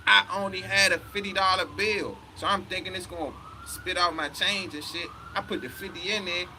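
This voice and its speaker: A man's voice: high-pitched, steady tone, moderate pace, background noise. A man in his thirties telling a story in a heated, profane way, often quoting himself. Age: 30s. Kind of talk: casual storytelling rant.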